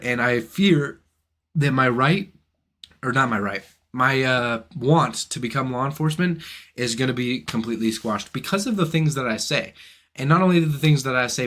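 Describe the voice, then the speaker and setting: A man's voice: medium pitch, fairly bright tone. A young man hosting a philosophy channel, delivering an indignant, profane rant to camera full of rhetorical questions. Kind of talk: ranting monologue to camera.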